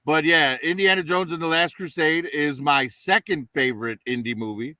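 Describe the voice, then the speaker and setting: A man hosting a casual movie review chat, relaxed and rambling with many fillers, heard through a distant mic. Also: fairly high pitch, normal speed, dry recording. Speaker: podcast host.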